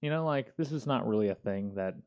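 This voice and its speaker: A man in his thirties hosting a casual talk show, telling a story in an animated, slangy way. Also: medium pitch, brisk, highs cut off. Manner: slangy, animated, peppered with "dude" and "yo". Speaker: podcast host.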